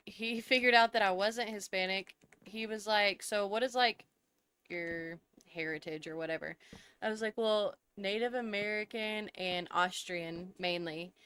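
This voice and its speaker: A woman with a mid-range, slightly bright, clean-toned voice live-streams a game. She chats casually with her viewers, answering their messages and giggling often as she plays.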